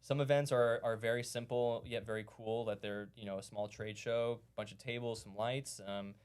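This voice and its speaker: A man's voice: mid-range voice, fairly even intonation, normal speed, a little mellow, clear, resonant tone. A man talking as a guest on a casual podcast, explaining his venue management work step by step with enthusiasm.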